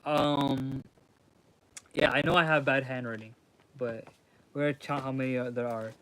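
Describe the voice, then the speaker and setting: A man reading a book aloud haltingly on stream, breaking off to chat casually with his viewers. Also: mid-range voice, level tone, a bit bright, clear, resonant tone. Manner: reads haltingly, chatting with viewers. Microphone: mic crackles when he leans in.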